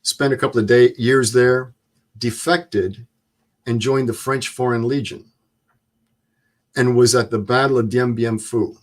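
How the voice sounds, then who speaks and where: A man in his seventies, a guest, telling stories in a plain-spoken, measured way. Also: medium pitch, fairly even intonation. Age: 70s. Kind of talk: storytelling interview.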